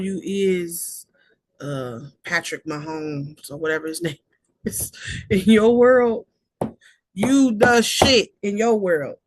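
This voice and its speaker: A young woman with hosting a self-care podcast, speaking in an affirming, repetitive way with playful asides. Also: fairly low pitch. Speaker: podcast host. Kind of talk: reflective self-care talk.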